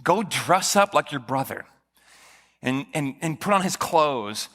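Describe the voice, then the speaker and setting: A man voicing a scheming mother who briskly plots with her son, in a sermon. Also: a little high, animated, fairly bright tone. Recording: long church reverb.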